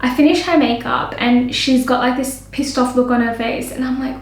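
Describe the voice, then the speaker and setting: A young woman vlogging as a makeup artist, telling a story in an animated way and acting out both sides with lots of "like". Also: high-pitched, a little fast, few pauses, reverberant, poor audio. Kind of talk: storytime vlog.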